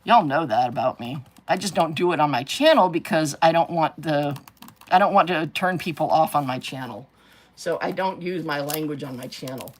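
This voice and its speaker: Chatty low-voiced woman hosting a craft stream. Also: moderate pace. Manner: chatty, rambling, gushing exclamations. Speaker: craft livestream host. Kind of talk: casual chat while crafting live.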